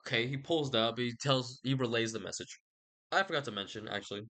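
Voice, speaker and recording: A man's voice: mid-range voice, fast talker, sharp tone. A man rambles through a recap of a classic book in a loose, slangy way. He swears freely and keeps breaking in with jokey asides. The talk is casual and unscripted. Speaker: book vlogger.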